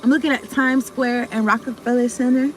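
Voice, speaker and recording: A woman's voice: a little high, steady tone, brisk, slight background noise. A woman giving a casual tarot reading to her viewers, rambling, cutting herself off mid-thought and talking in slang with some swearing. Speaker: tarot card reader.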